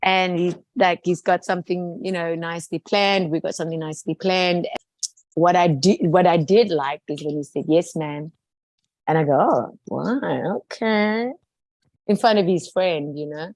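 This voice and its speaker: A South African woman telling stories with a lively, chatty manner and acting out the people she quotes. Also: fairly low pitch, moderate pace, no echo, rough recording. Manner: lively storyteller, quotes people in different voices. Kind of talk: casual chat.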